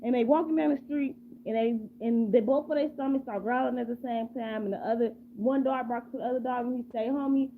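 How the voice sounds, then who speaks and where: A woman's voice: a little high, fairly even intonation, a little fast, few pauses. A woman improvising a rambling, repetitive story casually and asking her listeners questions. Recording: tinny phone-like, faint hum.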